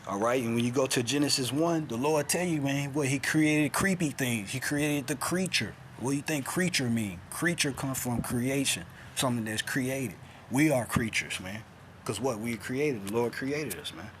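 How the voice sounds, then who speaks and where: A man's voice: moderate pace, a little hiss or hum. A man giving an informal bible teaching in a streetwise, insistent way, often checking in with his listeners. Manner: streetwise, keeps adding "man" and "all right?"; insistent, swings from loud to low. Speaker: scripture teacher.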